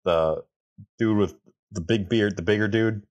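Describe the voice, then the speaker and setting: A man co-hosting a podcast, joking and teasing himself in relaxed banter. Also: on the low side, measured pace. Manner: self-mocking, joking banter. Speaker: podcast co-host. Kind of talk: casual chat.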